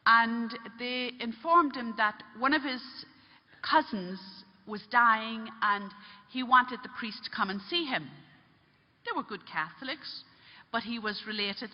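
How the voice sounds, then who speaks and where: A woman telling a story in a religious talk, earnest and unhurried, pausing and restarting as she goes. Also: fairly high pitch, long reverb tail, muffled recording.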